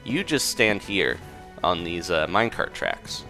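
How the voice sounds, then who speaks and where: A man's voice: deep voice, sing-song, a little slow, sharp tone, faint music behind, full character voice. A man voicing a friendly, casual young male hero in a game story. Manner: casual, inviting.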